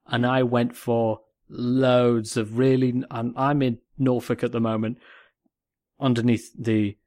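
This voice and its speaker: A man from North West England, co-hosting a casual podcast in a jokey, animated way and repeating phrases for emphasis. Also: medium pitch, takes it slowly, no room sound, clean studio sound. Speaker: podcast co-host.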